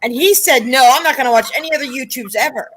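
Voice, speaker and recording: In a casual panel chat, a middle-aged woman tells stories and acts out the voices of the people she quotes. Her voice sits high and is fairly bright, and she talks fast.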